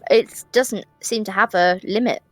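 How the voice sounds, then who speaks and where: A woman's voice: medium pitch, dry recording, faint music behind. A woman playing in a tabletop game, declaring her character's moves and joking with the table. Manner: expressive, unhurried, jokey complaints. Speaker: player. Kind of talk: casual chat at a tabletop game.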